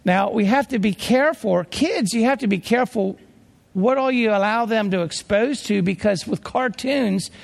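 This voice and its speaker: A man preaching a sermon, emphatic, restarting phrases and dropping low for grim details. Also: normal speed, creaky. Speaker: pastor. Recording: long hall reverb.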